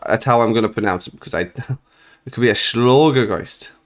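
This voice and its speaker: A young man giving jokey, excitable commentary while playing a horror game, swearing when startled. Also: lowish voice, quick pace. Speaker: gaming video creator.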